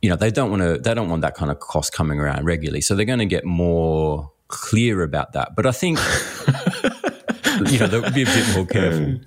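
A man with a very deep voice explains the news on a casual podcast. He speaks in a halting, thinking-aloud way, with plenty of fillers, and often hums agreement while his co-host talks. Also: big pitch swings. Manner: explanatory, hesitant fillers, frequent mm. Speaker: economist co-host.

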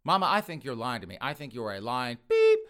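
A man voicing a petulant grown son who shouts accusations at his mother, pitched high and loud. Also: huge pitch swings, fast talker. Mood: whiny, accusing. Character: whiny, hot-tempered grown son, male adult.

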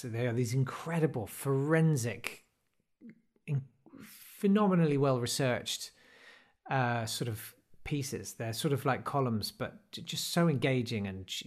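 A man in his forties, a podcast guest who rambles through anecdotes with self-deprecating, dry asides. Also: mid-range voice. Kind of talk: casual interview storytelling.

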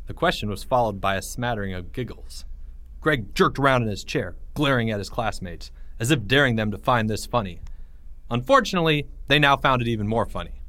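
A man's voice: medium pitch, expressive, brisk, pushed and bright, no echo. Man reading a children's story expressively. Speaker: narrator.

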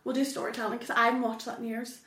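A young woman with a high voice trades jokes in easy podcast chatter, laughing often. The room around her rings with echo. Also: little pitch movement, racing, very noisy. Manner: playful, giggly, jokey. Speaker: podcast co-host. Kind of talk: casual chat. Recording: echoey room.

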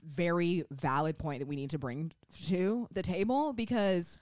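A woman's voice: low voice, lively intonation, normal speed, a little mellow, no echo, studio quality. A woman co-hosting a podcast in casual, emphatic chat, acting out quotes. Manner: chatty, emphatic, acts out quotes. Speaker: podcast co-host.

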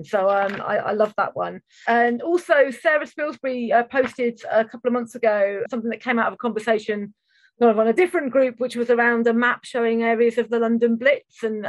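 High-voiced woman host, dry close sound. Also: no room sound. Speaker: podcast host. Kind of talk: casual chat.

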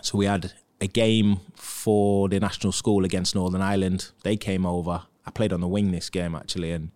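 A man's voice: sits low, level tone, normal speed, a little mellow. A man in his thirties, a former footballer, telling casual anecdotes as a podcast guest and acting out what others said. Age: 30s. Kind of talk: casual storytelling.

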